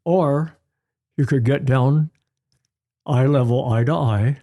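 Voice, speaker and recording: Older male pediatrician guest; relaxed, drawn-out delivery, mellow voice, acts out examples. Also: medium pitch. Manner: unhurried, storytelling, acts out examples. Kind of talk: advice-giving interview chat.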